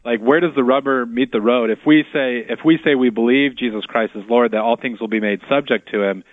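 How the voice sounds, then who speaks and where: A man's voice: mid-range voice, steady tone, fairly quick, no echo, phone-quality sound. A man co-hosting a Catholic radio talk show, speaking thoughtfully with frequent "like" fillers. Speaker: radio co-host. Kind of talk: casual faith discussion.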